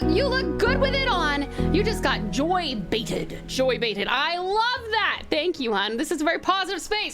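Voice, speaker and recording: Bubbly Australian woman, high lively voice. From Tasmania, Australia. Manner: bubbly and affectionate with chat. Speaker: streamer. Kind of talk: casual game stream chat and narration.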